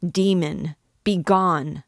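A woman's voice: on the low side, steady tone, very slow, no room sound, studio quality. Woman voicing a furious, frightened young girl. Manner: urgent, outraged, raised voice.

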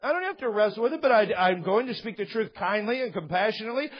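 Impassioned pastor man, high husky voice. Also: expressive, fast. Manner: impassioned, emphatic, repeats phrases for effect. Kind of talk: sermon. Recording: slightly dull, muffled recording.

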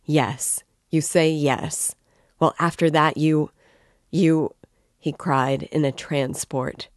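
A woman reading the part of an excitable, tipsy young man who rambles and declaims with passion. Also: deep voice, slow, dry recording. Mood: impassioned. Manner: impassioned, rambling, emphatic.

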